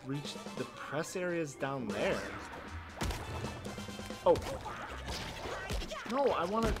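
A male streamer giving casual gameplay commentary on a desk mic, excitable and swearing in bursts. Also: fairly high pitch, takes it slowly. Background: game music.

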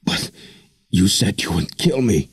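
A man's voice: fairly low pitch, animated, measured pace, breathy edge, no echo, clean studio sound, voice pushed up, heavily acted. A man voicing a frightened old village elder who stammers and pleads. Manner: nervous, stammering.

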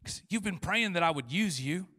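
A man preaching a sermon as pastor, playful and quick to act out little dialogues. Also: sits high, lively intonation, bright, forceful tone, breathy edge. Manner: humorous, acts out short dialogues. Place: large church hall. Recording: long church hall reverb.

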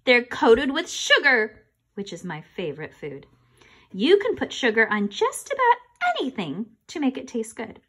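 A woman reading a children's chapter book aloud in an expressive, animated way. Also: on the high side, a little slow, slightly rough. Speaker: reader.

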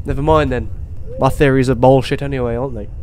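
A young man playing a horror game, talking to himself and swearing, with sudden excited outbursts. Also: mid-range voice, fast, a little hiss or hum. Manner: swears, talks to himself, swings between muttering and excited outbursts. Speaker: gaming YouTuber. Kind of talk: horror game let's play commentary.

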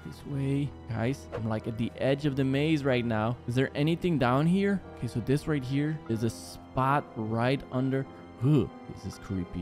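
Panicking as he races through a maze, this young man narrates a horror game for his YouTube audience, addressing them as "guys" in a jumpy way. He speaks at normal speed in a mid-range, somewhat dark voice over background game music.

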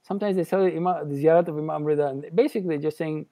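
Gravelly, dark-voiced man on a panel. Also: on the high side. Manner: heartfelt and halting, with frequent restarts. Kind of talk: personal reflection in a panel discussion.

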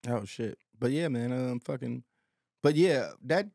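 A man's voice: medium pitch, a little slow, creaky, a little mellow, dry recording, clean studio sound. A man in his forties, a guest rapper in casual podcast chat, telling stories in an exaggerated, profane way and laughing often.

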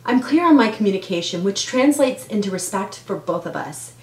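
A woman speaking as a parenting coach, giving earnest, measured advice on how to talk with children. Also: medium pitch, expressive, darkish tone. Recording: roomy echo, faint background noise.

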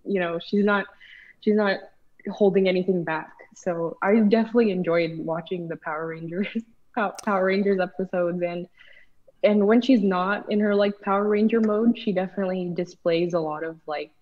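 A woman's voice: lowish voice, steady tone, moderate pace, phone-quality sound. A woman guest on a casual panel discussion who rambles and fills her sentences with "like". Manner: rambling, heavy use of "like".

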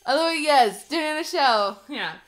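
Bubbly high-voiced woman streamer. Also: expressive, takes it slowly, fairly bright tone. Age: 30s. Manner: bubbly, giggly, rambling. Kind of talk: casual live-stream chat.

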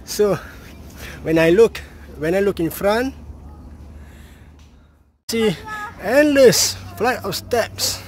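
Man, slightly high voice, out of breath, hiking vlog, faint outdoor noise. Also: animated, drawn-out words, long pauses. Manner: out of breath, panting while climbing steps. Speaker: outdoor educator vlogger. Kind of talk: casual vlog narration while hiking. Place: outdoors on a hillside trail.

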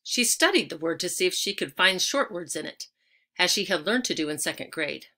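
A woman's voice: fairly low pitch, animated, fairly quick, bright, forceful tone. A woman reading a children's chapter book aloud, telling it expressively and lingering on key words. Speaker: audiobook reader.

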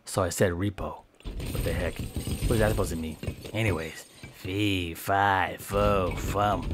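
Goofy, low-voiced man hamming up game commentary. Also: fairly even intonation, measured pace, fairly bright tone, slight background noise. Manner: playful, melodramatic, mock-boastful with exaggerated groans of pain. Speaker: gameplay commentator.

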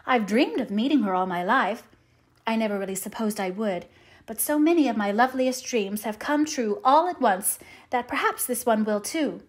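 A woman's voice: on the high side, lively intonation, normal speed, natural voice. A woman voicing a talkative, dreamy young orphan girl in an audiobook, with eager, rapturous run-on chatter. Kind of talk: audiobook character reading.

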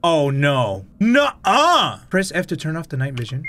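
A man's voice: fairly high pitch, wildly swooping pitch, unhurried, a bit bright, a little hiss or hum. A man giving profane, joking let's-play commentary on a VR horror game, switching between English and Spanish. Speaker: VR gamer, channel host.

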